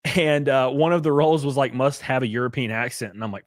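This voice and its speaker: A man's voice: mid-range voice, brisk, hardly any pauses, dry recording, clean studio sound. A man hosting a casual commentary stream, ranting sarcastically and swearing freely. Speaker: streamer host.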